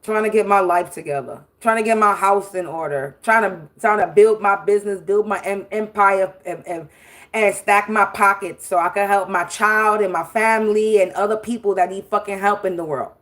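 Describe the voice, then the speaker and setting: A woman's voice: mid-range voice, normal speed, a bit bright. A woman hosting a spiritual livestream, delivering a profane, confrontational rant with repetition and scattered laughs. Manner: laughs mid-sentence. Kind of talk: ranting livestream monologue.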